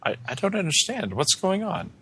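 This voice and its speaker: A cheery gentleman detective, as a game master puts him on, polite and formal with a puzzled edge, jumping up high at moments of surprise. The voice underneath sits deep. It is a tabletop role-play figure. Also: big pitch swings, a little fast, a little hiss or hum. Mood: bewildered. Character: pleasant cheery male ship detective, confused.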